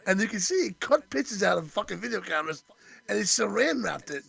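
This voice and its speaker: Gravelly, husky middle-aged New man. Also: high voice, sing-song, quick pace, a bit bright. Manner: laughing, profane storyteller. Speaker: radio show co-host. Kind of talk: crude casual banter.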